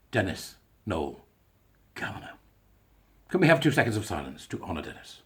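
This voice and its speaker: A man's voice: fairly low pitch, big pitch swings, brisk, long pauses. A man giving casual, mocking solo commentary, chuckling through chatty asides. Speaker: online commentator.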